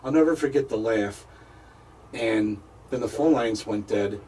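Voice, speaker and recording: Halting man telling a story from afar. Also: fairly low pitch, mellow, far from the mic, slight background noise, poor audio. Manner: halting, repeats words, stops and restarts. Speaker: paranormal investigator guest. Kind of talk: telling a personal story in a radio interview.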